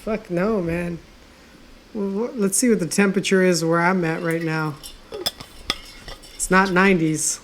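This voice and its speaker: A man's voice: high-pitched, fairly even intonation, unhurried, pauses often, slight background noise. A laid-back man co-hosting a casual podcast chat. He talks in an easygoing way and swears casually as he goes. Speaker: podcast co-host.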